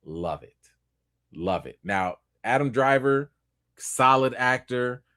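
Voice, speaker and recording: Animated man hosting a livestream. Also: medium pitch, slow pace, clear, resonant tone, no room sound, studio quality. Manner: emphatic, animated, repeats points for effect. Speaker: livestream host. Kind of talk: casual commentary livestream.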